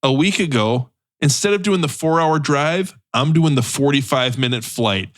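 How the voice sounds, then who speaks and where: A man's voice: a little high, normal speed. A man co-hosting a comedy podcast, teasing the others in casual banter. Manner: teasing, incredulous reactions. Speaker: podcast co-host.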